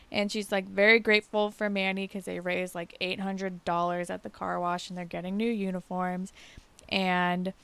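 Smooth-voiced young woman, dry close sound. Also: on the low side, normal speed, dry recording. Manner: animated storytelling, acts out characters. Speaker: podcast co-host. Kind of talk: casual chat recapping a TV episode.

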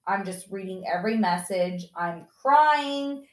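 A woman's voice: medium pitch, unhurried, reverberant, low-quality recording. A mother telling a story on a podcast, casually, acting out what people said in a raised voice. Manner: animated, acts out quotes in raised voice.

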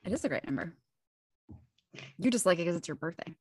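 A woman's voice: on the low side, animated, a little fast, darkish tone, breathy edge, rough recording. A woman co-hosting a casual podcast as a counselor, blunt and freely swearing. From Wisconsin.

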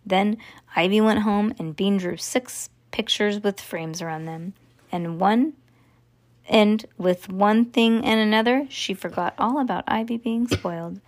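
A woman reading a children's chapter book aloud, relaxed and chatty between passages. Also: medium pitch, unhurried.

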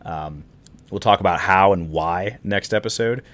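A man co-hosting a casual podcast, explaining things in a measured way with frequent pauses. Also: deep voice, fairly bright tone. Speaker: podcast co-host explaining rally history.

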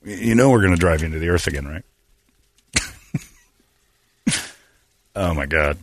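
A middle-aged man from Phoenix, hosting a radio show and telling stories with animated, acted-out voices. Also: low voice, measured pace, dry recording, clean studio sound. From Phoenix, Arizona. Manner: animated storyteller, acts out characters in raised voices. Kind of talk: casual morning show banter and storytelling.

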